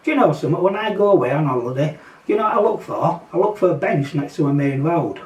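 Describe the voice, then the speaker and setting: A Yorkshire man vlogs casually, ranting bluntly and sarcastically while rambling with fillers and mocking asides. His voice is a little high and darkish, lively in intonation, and he talks fast. The recording sounds roomy and echoey, with him distant from the mic.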